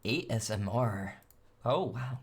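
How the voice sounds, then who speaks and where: A man chatting casually on a live stream, playful and goofy, swinging between loud bursts and soft asides. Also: medium pitch, animated, takes it slowly, gravelly, slightly rough.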